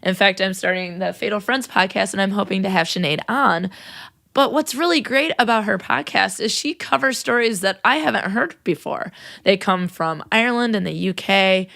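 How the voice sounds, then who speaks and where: A young American woman hosts a podcast, gushing and laughing often while she thanks listeners in a casual outro full of shout-outs. She speaks at normal speed with a mid-range, fairly bright voice and vocal fry.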